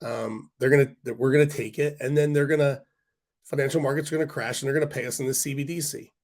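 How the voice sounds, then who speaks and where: A man hosting a casual stock market livestream, talking bluntly in a rant with quick asides to his viewers; his voice is hoarse and congested. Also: medium pitch, fairly even intonation, a little mellow. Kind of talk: casual livestream talk to chat.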